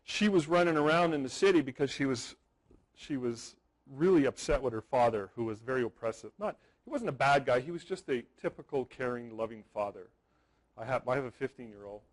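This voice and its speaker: A man's voice: mid-range voice, animated, a little fast, poor audio. A man in his forties presenting a live seminar to an audience, telling stories, stressing points by repeating words and checking in with "okay?". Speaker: wedding photography seminar presenter.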